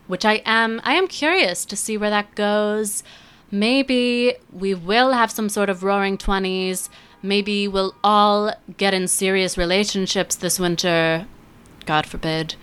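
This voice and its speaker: A woman in her twenties hosting a casual solo podcast, chatty and sarcastic, who slips into quick voices when quoting others. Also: mid-range voice, fairly bright tone, smooth. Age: 20s. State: feels she is losing her voice. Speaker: podcast host.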